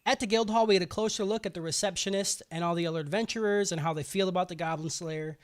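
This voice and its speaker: A man hosting a podcast, recapping an episode in crude, joking chat and breaking into gruff character voices. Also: high voice, fast. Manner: loud, laughing, acts out characters in gruff voices. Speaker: podcast host.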